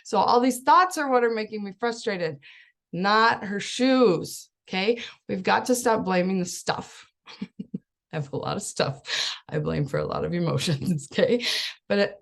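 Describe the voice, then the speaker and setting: A woman's voice: mid-range voice, animated, unhurried, gravelly. A woman in her thirties, a life coach, giving a casual, chatty talk to parents, laughing often and acting out what people say. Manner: chatty, laughs often, acts out quoted voices.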